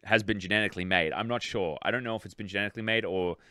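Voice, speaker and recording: A man's voice: lowish voice, racing, clear, resonant tone, dry recording, studio quality. A young Australian man co-hosting a podcast, chatting casually and rambling through his points. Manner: rambling, animated, self-interrupting. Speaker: podcast co-host. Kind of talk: casual chat.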